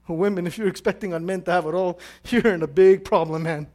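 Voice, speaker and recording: A woman preaching a sermon in an animated, conversational way, asking her listeners questions. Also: fairly low pitch, a little slow.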